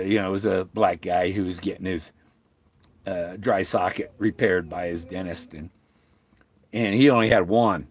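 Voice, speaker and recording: A middle-aged man chatting on a home livestream, halting and full of restarts, talking with a sore mouth after tooth extractions. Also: low voice, dry recording. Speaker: vlogger talking to live viewers. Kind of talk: rambling casual livestream chat. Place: at home, indoors.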